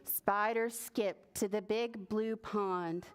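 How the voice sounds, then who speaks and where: A woman, a children's librarian, reading a picture book at preschool story time, expressive and stopping to ask the children questions. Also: medium pitch, slow, clean tone.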